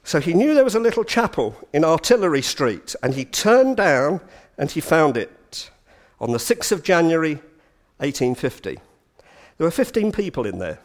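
A man giving a storytelling lecture, animated and full of chatty asides. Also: fairly high pitch, moderate pace. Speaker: speaker giving a talk.

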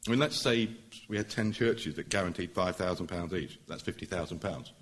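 A middle-aged man, a barrister, addressing a public meeting in an earnest, emphatic way that builds to forceful points. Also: sits low, fairly quick. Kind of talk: public speech.

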